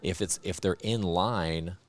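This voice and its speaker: A man, an archery coach commentating live, explaining things in a halting way with repeated words. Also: deep voice. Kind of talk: live sports commentary chat.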